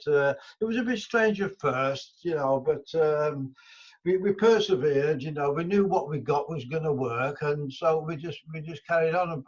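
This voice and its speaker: An older man from England, telling stories in an interview, rambling with many restarts and fillers. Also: a little high. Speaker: guest musician. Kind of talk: casual interview storytelling. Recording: dull lo-fi audio.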